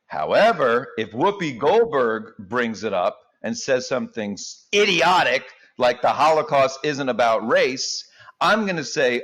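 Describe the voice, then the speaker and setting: Male comedian as interview guest, mid-pitched, animated, jumps into bits. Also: a little slow. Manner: animated, jokey, acts out quotes.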